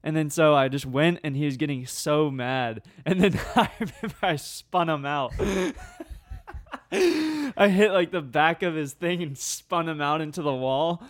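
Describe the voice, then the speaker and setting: A young American man, a podcast host, telling a story in an animated, slangy way and laughing often. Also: on the high side, a little slow, dry recording. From United States. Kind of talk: casual storytelling chat.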